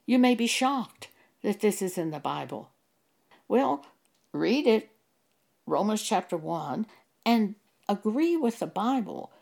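Slow, emphatic woman preaching a sermon. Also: mid-range voice, sing-song, creaky, darkish tone. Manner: slow, deliberate and emphatic, citing scripture verses.

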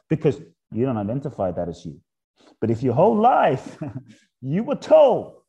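This mid-range male voice belongs to an interview guest in a thoughtful spiritual discussion, and he is very animated. He repeatedly asks rhetorical questions and turns soft and slow on the points that matter most. The recording sounds muffled.

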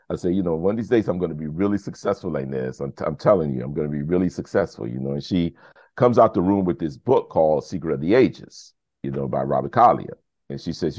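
A man's voice: deep voice, brisk, no echo. A man, a podcast guest telling a story casually, acting out the dialogue with lots of "you know". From United States. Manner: animated storyteller who acts out quoted dialogue, many fillers.

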